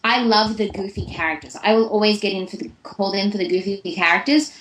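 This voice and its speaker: A woman's voice: mid-range voice, quick pace, roomy sound, slight background noise, low-quality recording. A young woman, a voice actress, giving chatty, long-winded answers in a casual interview. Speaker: voice actress guest.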